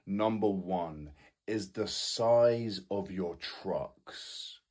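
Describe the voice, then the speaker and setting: A man's voice: low voice, drawn-out words, a little mellow. A man giving a countdown list straight to camera in a dry, plain-spoken way. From United Kingdom.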